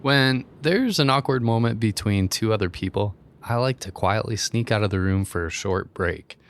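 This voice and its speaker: A man's voice: on the low side, moderate pace. A man hosting a podcast, narrating a scripted story. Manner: smooth storytelling with a varied, expressive delivery. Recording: narration over a music bed. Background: music.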